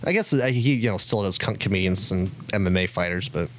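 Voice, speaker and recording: A man's voice: low-pitched, brisk, a little hiss or hum. A young man who does local stand-up, guesting on a casual podcast, joking and self-deprecating with lots of fillers and swearing. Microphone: studio mic on stand.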